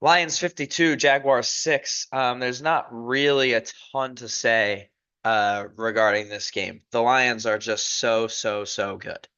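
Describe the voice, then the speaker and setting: A man's voice: medium pitch, fairly even intonation, slow, sharp tone, clear, resonant tone. A man hosting a casual sports recap podcast, talking in a rambling, self-correcting, opinionated way. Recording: dull lo-fi recording.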